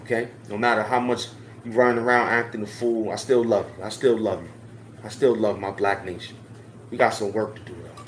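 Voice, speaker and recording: A man's voice: on the low side, fairly even intonation, a little fast, a little hiss or hum. Emphatic slangy man ranting in echoey room. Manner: slangy, emphatic, repeating phrases. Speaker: online commentator. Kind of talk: impassioned social commentary. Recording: roomy echo.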